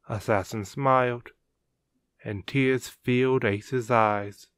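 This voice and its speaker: Slow gravelly male storyteller. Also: mid-range voice, fairly bright tone, dry recording. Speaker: narrator. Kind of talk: audiobook story narration.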